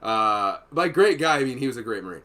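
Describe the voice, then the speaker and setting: Male podcast host, mid-pitched, swears constantly, rambles through his war stories. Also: big pitch swings, brisk, pushed and bright. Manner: rambling, profane, laughing between stories. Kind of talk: casual storytelling chat.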